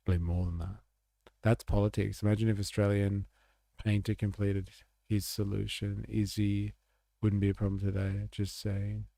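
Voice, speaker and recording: A man's voice: lowish voice, little pitch movement, moderate pace, vocal fry, dark tone, no room sound. A man hosting a livestream, rambling through casual political commentary with sarcastic asides. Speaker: livestream host.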